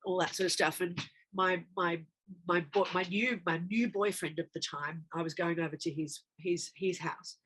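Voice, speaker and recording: Actress, bright-voiced, animated storyteller, for a casual interview. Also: female voice, on the low side, normal speed, breathy edge. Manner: animated, acts out dialogue in her anecdotes. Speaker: actress guest.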